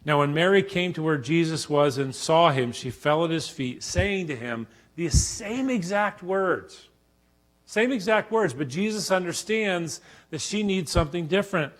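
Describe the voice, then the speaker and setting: Middle-aged male professor, slightly high voice, animated Bible teaching with loud acted-out bursts. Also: unhurried. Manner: animated, acts out quotes with sudden loud bursts. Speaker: professor teaching a church conference session.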